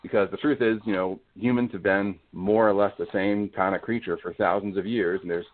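A man's voice: lowish voice, fairly even intonation, a little fast. A man as an interview guest, talking about faith in an earnest, reflective way. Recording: tinny phone-like line.

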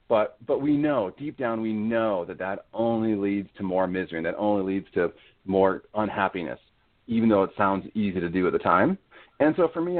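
A man as an interview guest, talking about faith in an earnest, reflective way. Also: on the low side. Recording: tinny phone-like line.

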